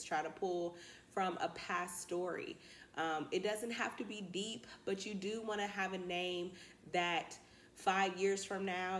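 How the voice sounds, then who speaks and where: Casting note: encouraging woman vlogger, slightly low voice, roomy home recording with faint hiss. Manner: chatty, encouraging, addresses viewers as y'all. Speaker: candle business YouTuber. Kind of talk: casual vlog talk to camera.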